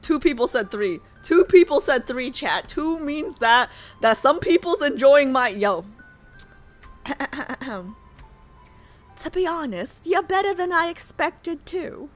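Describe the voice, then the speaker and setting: A chatty woman streamer with a high, bright voice that swings lively up and down. She talks straight to her chat and reads game text aloud between excited bursts. Faint music sits underneath. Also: slow pace. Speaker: livestreamer. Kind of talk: casual live-stream chat and reading aloud.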